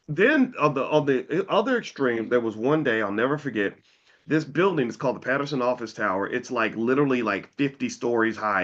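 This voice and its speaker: A man's voice: medium pitch, fairly bright tone. Man, 50s, mid-range voice, blunt fiery storyteller, dull slightly muffled sound. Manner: blunt, fiery, swears freely. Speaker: commentator and educator. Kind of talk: storytelling monologue.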